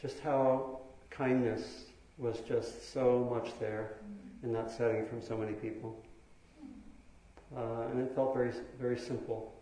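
Mellow-voiced man giving a dharma talk. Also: mid-range voice, level tone. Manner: slow, thoughtful, with pauses and fillers. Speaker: meditation teacher. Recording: very echoey hall.

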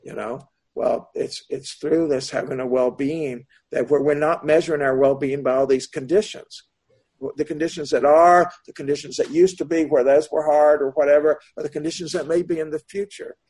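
A man teaching as a Buddhist meditation teacher, answering a question in a slow, searching, meandering Dharma talk. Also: fairly high pitch, steady tone, a little mellow, husky.

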